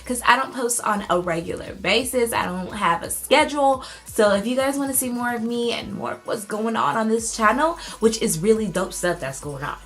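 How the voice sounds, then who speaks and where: A woman beauty YouTuber chatting through a casual unboxing vlog at home. She sounds bubbly and excitable and uses casual slang. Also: on the high side, moderate pace, hardly any pauses, faint music behind, rough recording.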